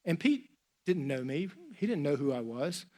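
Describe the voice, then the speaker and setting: A middle-aged man preaches from a church stage, spinning a personal story in a loose, conversational way. His voice sits a little high for a man, and he acts out the people in his story with lots of casual "like"s. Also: normal speed. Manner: lively, chatty, acts out dialogue with many "like"s. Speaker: pastor. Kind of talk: storytelling sermon.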